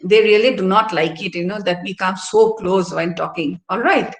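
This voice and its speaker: Speaking at medium pitch and an ordinary pace, a middle-aged female professor delivers a classroom lecture, often asking "all right?" or "no?" as she explains. She's in a university activity centre hall, and the recording carries its spacious echo.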